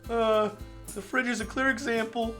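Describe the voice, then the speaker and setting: A man voicing a cheerful, goofy teenage schoolgirl in a visual novel reading on stream, playful and gentle. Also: very high voice, level tone, moderate pace, soft background music, pitched above the performer's own voice. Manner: playful, gentle, scolding lightly.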